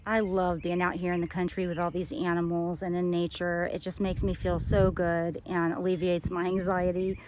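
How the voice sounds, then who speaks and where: A woman vlogging a farm tour outdoors, chatting to the camera and cooing at the animals in a high sing-song voice. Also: monotone, moderate pace, hardly any pauses, noisy background. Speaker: travel vlogger. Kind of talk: casual vlog narration. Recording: background music under the voice.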